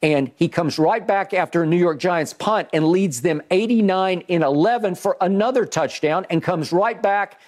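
A man's voice: high-pitched, normal speed, hardly any pauses. A man hosting a sports debate show, recounting plays emphatically with frequent restarts. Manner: animated, restarts often, emphatic play-by-play recounting.

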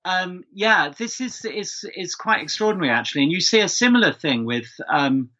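On a casual podcast, a guest speech expert from London talks chattily with plenty of fillers and restarts in his London accent. His voice is high-pitched, animated and at normal speed, sounding pushed and bright, with the highs cut off.

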